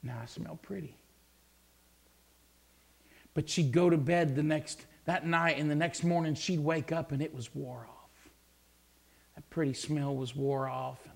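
A male preacher telling a Bible story, repeating words as he builds to fervent shouting. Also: a little high, fairly even intonation, unhurried, creaky. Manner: stammering repetitions, swelling into fervent shouts. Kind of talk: sermon.

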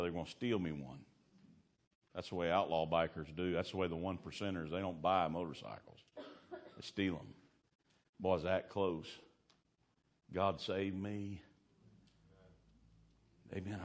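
Deep-voiced man preaching. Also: moderate pace, long pauses. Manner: folksy Southern-style preaching, laughing asides, swings from loud to hushed. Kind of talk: sermon with storytelling. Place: church.

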